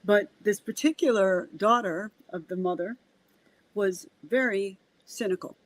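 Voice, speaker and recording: A woman medium, a guest on a podcast, telling a story in a casual, animated way, acting out the dialogue and often restarting her sentences. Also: medium pitch, measured pace, no echo, rough recording.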